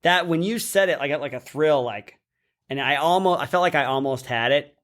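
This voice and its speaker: A man co-hosting a podcast in casual chat, animated and exclaiming often. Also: a little high, fairly quick, slight background noise. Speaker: podcast co-host.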